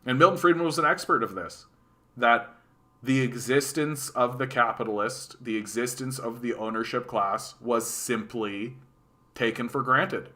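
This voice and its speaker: A man's voice: medium pitch, normal speed. A man with a Canadian accent giving casual, sarcastic political commentary on a live stream, reacting to chat and often restarting his sentences. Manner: animated, sarcastic, repeats words and restarts.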